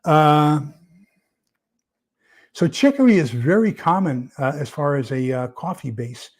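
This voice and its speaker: A man with a mid-range, somewhat dark voice hosts a casual livestream for his prepper channel. He rambles through viewer comments, using lots of fillers and repeating words.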